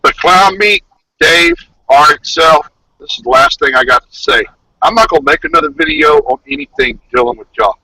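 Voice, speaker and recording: Angry male caller, gravelly and sharply tense, pitch leaping wildly. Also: wildly swooping pitch, normal speed, pushed and bright, dry recording, rough recording. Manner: scolding, confrontational.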